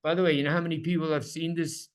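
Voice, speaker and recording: Quick-paced and a little high-voiced, this man animatedly teaches a Bible class. He asks his audience questions and repeats words to drive points home.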